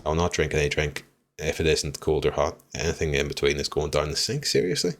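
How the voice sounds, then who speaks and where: Very deep-voiced man streaming. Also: little pitch movement, brisk. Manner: chatty, swears freely, reacts loudly to the game and chat. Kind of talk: live gameplay commentary.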